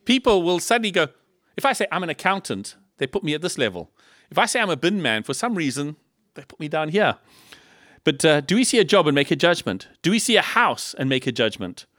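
A man from Africa, preaching a sermon in a lively style full of rhetorical questions and humorous asides. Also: on the high side, brisk, no echo, studio quality. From South Africa. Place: church in Liverpool.

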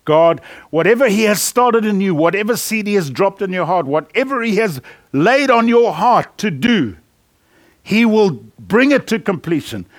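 A man's voice: high-pitched, big pitch swings, normal speed, dry recording, clean studio sound. A man preaching a sermon in a conversational, storytelling way, often laughing and restarting his sentences.

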